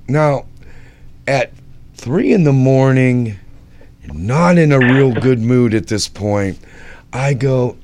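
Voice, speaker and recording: A man's voice: medium pitch, takes it slowly, pauses often, slight background noise. A man telling wry backstage stories from the events he organized in a casual chat. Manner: animated, wry storyteller. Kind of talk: anecdotal storytelling.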